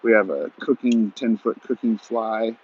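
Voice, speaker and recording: A man in his forties telling a story in a rambling, folksy way, outdoors at shooting practice, on muffled audio with loud gunfire. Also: on the low side, fairly even intonation, measured pace, very noisy. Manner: rambling folksy, many "you know" and "he goes". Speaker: vlogger. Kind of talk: casual storytelling monologue.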